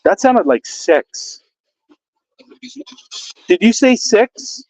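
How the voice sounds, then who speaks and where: Ghost hunter, male, high voice, dry close sound, asks spirits the same questions again and again. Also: big pitch swings, very slow, darkish tone, no room sound, dull audio. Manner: coaxing, repetitive questions. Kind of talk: addressing spirits during a ghost hunt. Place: outdoors under a bridge with traffic overhead.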